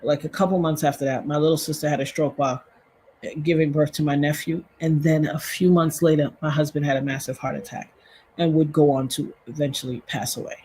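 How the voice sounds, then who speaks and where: Her voice sits low and sounds dark, with a steady tone and a fairly quick pace, and there's a little hiss or hum on the recording. She's a livestream host in her fifties, casually telling her viewers a personal story in an emotional, repetitive manner.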